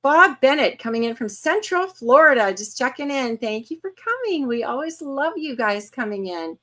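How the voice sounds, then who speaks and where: A woman in her fifties hosting a casual livestream, chatty and quick to laugh as she greets viewers one by one. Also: high voice, very animated, a bit bright. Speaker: host.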